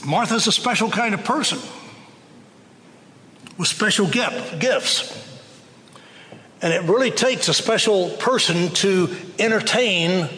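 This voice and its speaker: A man preaching a sermon, telling the story in a slow, conversational way. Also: high-pitched, pushed and bright, in a large hall.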